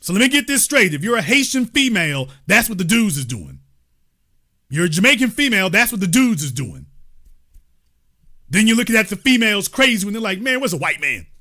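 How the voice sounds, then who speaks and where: A male host giving livestream political commentary in an animated, emphatic way, with mild cursing and the odd shout. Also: high voice, a little fast.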